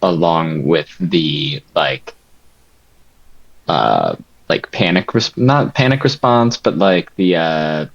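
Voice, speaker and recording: Man, tabletop player, very slow drawl, hesitant with many ums, muffled lo-fi sound. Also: low voice, animated, gravelly. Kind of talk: tabletop role-play, describing his character.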